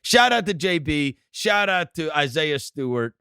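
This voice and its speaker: This is a man with a voice pitched slightly above average that swoops up and down as he makes his points. He talks emphatically and teases his co-host. The recording is close and dry, with no room sound. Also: measured pace, gravelly, smooth, no echo. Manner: emphatic, teasing, animated. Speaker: podcast co-host. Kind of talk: casual sports podcast chat.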